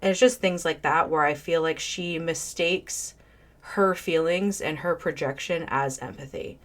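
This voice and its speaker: A woman's voice: low voice, a little slow. A woman hosting a reaction video, giving blunt, opinionated commentary and reading viewer messages aloud. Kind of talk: casual commentary reacting to a clip.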